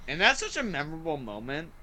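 A man hosting a podcast, chatting casually and excitedly about a movie, with lots of "like" and "um" fillers. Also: a little high, fast talker. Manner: excited and rambling, heavy use of "like" and "um". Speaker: podcast host. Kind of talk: casual movie review chat.

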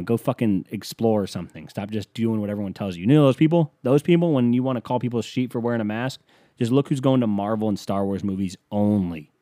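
Male comic, deep mellow voice, foul-mouthed sarcastic rambling delivery. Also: dry recording, studio quality. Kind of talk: rambling comedic rant.

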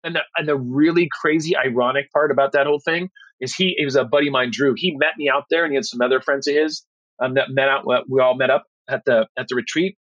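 A man's voice: medium pitch, quick pace, no echo, dull audio. A man chatting as a podcast guest, telling stories in a rambling way with many restarts and fillers. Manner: animated when retelling stories. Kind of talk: casual storytelling chat.

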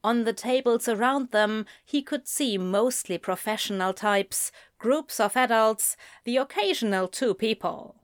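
A woman narrating a story in a slow, measured storytelling voice. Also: mid-range voice, dry recording, studio quality. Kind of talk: fan fiction audiobook reading.

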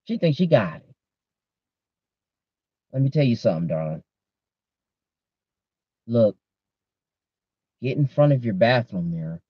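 A man's voice: mid-range voice, big pitch swings, measured pace, pauses often, slightly rough, no echo. A man hosting a podcast, ranting in a casual, profane way and talking straight to his listeners on a dull lo-fi recording. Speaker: podcast host. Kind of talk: casual rant.

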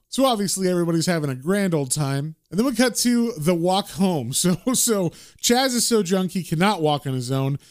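A man's voice: high-pitched, normal speed, hardly any pauses. Chatty man retelling a comic. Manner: chatty, relaxed storytelling. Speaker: comic book recap host. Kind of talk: casual comic recap narration.

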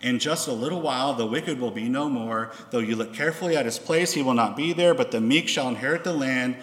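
A man's voice: medium pitch, fairly quick, a bit bright. A man preaching a sermon, reading scripture aloud with dramatic emphasis and acting out the quoted voices. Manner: reads scripture in a raised, dramatic voice. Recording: echoey hall.

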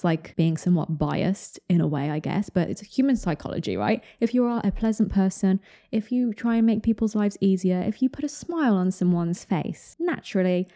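Chatty woman with a dark, mellow voice. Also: lowish voice. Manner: chatty, conversational, opinionated. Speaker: podcast commentator. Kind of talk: casual solo commentary.

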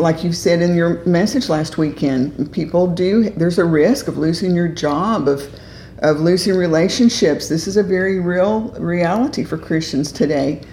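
A woman co-hosting a devotional talk, earnest and speaking in quick emphatic bursts. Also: fairly low pitch, warm tone, reverberant, a little hiss or hum, rough recording. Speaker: co-host. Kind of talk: conversational devotional discussion.

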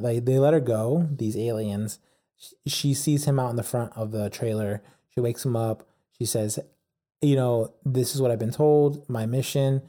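A man's voice: medium pitch, mellow. A man casually retelling a story, rambling with lots of fillers. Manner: rambling, many fillers like "like" and "yada yada". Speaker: storyteller recapping a documentary. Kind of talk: casual chat.

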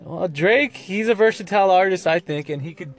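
Casual male co-host with a higher pitch, swears freely and rambles. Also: fairly quick, faint music behind. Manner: blunt, profane, rambling. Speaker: podcast co-host. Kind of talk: casual chat.

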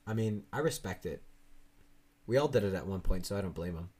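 A man's voice: low-pitched, animated, brisk, warm tone, husky. A young man in casual chat, telling rambling stories full of fillers and swearing. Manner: rambling storytelling, swears a lot, frequent fillers.

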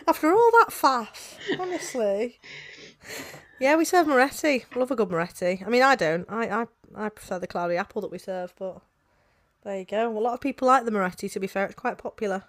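A woman's voice: on the high side, a little fast, a bit bright. A woman, co-hosting a podcast in casual chat, teasing and giggly. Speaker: podcast co-host.

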